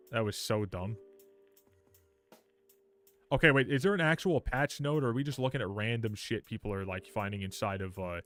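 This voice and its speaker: A young man livestreaming a game, chatting casually with viewers, swearing freely and reacting loudly while reading patch notes aloud. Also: fairly low pitch. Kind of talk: casual live game stream.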